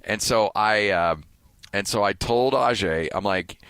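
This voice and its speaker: Animated storytelling man, low voice. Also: unhurried, smooth, no room sound. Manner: animated storyteller, acts out quotes with a raised voice. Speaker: sports radio broadcaster and podcast host. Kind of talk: casual podcast chat, telling a story.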